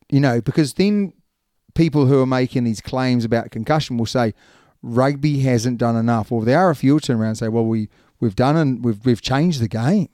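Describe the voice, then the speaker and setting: A New Zealand man co-hosts a podcast in loose, chatty talk. His voice is warm and mellow, recorded dry and close. He rambles, restarts and laughs easily. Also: mid-range voice, no echo. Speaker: podcast co-host. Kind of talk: casual chat.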